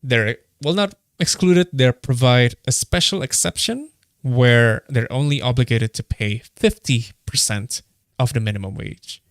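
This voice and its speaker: A man's voice: mid-range voice, a little slow, dry recording, clean studio sound. A young man from Indonesia giving casual, heated commentary, blunt and swearing, with many hesitant fillers. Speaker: streamer reacting to a live broadcast.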